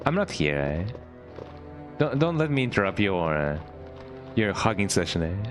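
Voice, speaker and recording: Male streamer, low and very animated, playful casual game chatter, keeps tagging "eh?", faint music bed. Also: normal speed. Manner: tags nearly every sentence with "eh?"; playful, chats with viewers while playing. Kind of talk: casual gameplay commentary.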